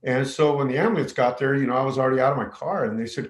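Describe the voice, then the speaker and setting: A man's voice: mid-range voice, a little fast, echoey room. A man, a middle school teacher from New Mexico, telling a personal story with many fillers and restarts. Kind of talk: personal story told to camera.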